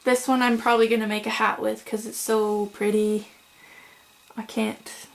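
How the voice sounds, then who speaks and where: A young woman chatting casually to camera at home about her crochet projects, with frequent "um"s and "so"s and quick apologies. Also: a little high, flat delivery, vocal fry, poor audio. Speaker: crochet vlogger. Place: home room.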